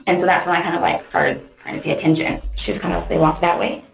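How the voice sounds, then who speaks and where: A woman recounting events to police in a rambling, animated way, full of fillers. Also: on the low side, fast talker, vocal fry, reverberant, muffled recording. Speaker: interviewee.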